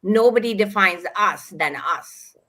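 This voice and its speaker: A woman on a virtual panel speaking reflectively, pausing to search for words. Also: medium pitch, expressive, fairly bright tone. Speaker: summit speaker. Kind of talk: panel discussion. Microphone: video call.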